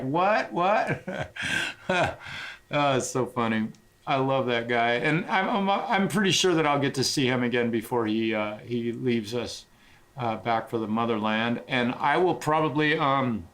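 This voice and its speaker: A man's voice: medium pitch, a bit bright. A middle-aged man livestreaming as a guitarist, chatting casually in a rambling, sentimental way with frequent swearing.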